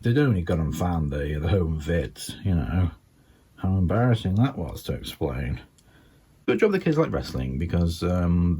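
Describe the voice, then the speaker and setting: A man's voice: normal speed, breathy edge. An older man with a Scouse accent doing a rambling stand-up comedy routine, full of ums and asides. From England. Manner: rambling, filled with ums and you-knows, lively pitch swings.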